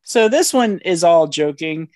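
A man's voice: fairly high pitch, lively intonation, a little slow, a little mellow. A man in his thirties on a podcast, telling funny family stories with laughter and casual swearing. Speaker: podcast co-host.

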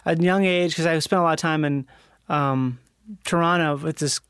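A man hosting a loose podcast conversation, cracking jokes and cursing freely. His voice sits high for a man, and the recording is dry and close. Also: fairly even intonation, a bit bright, clean tone, no echo. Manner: joking, profane, quick to riff. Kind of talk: casual podcast chat.

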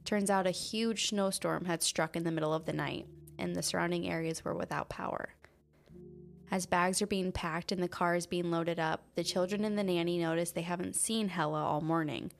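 Low, gravelly woman podcaster. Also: steady tone, moderate pace, faint music behind. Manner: laid-back, jokey, reads case notes. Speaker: podcast co-host. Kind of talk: casual chat and true-crime narration.

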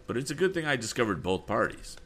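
A man voicing a cheerful, quick-witted young male inventor with an eager way of talking. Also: mid-range voice, very animated, a bit bright, a little hiss or hum, pitched above the performer's own voice.

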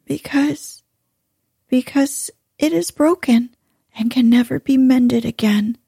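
Scared young shepherd boy voiced by a woman, whispered role-play, high and breathy. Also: slow pace, warm tone, no room sound, clean studio sound, heavily acted. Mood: frightened. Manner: trembling, fearful.

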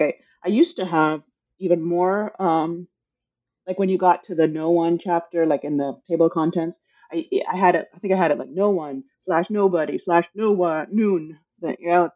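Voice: medium pitch, a little mellow, highs cut off. An author talking casually about their book, hesitant and thinking aloud, with many restarts. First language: English.

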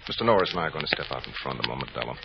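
A man playing a calm, sarcastic gunman in a 1940s radio drama, with clipped threats. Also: a bass voice, rapid-fire, vocal fry, exaggerated voice. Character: cold menacing male gunman, calm and sarcastic. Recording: muffled old radio broadcast with hiss.

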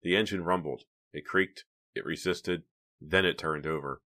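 A man narrating an audiobook in a steady, even storytelling manner. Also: sits low, moderate pace. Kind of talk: scripted narration.

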